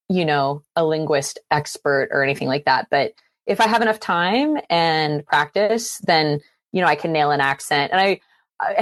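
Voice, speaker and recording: A woman from Canada, chatting as an interview guest, full of fillers and quick laughs. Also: sits low, dry recording. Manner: chatty, many fillers and restarts, laughs easily. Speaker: guest actor and filmmaker. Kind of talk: casual interview chat.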